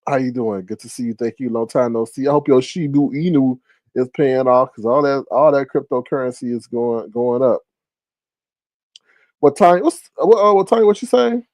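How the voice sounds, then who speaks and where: A man's voice: moderate pace, no echo. A man hosting a casual live stream, chatting with viewers and greeting them by name. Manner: animated, shoutouts to viewers, big jumps into high exclaims.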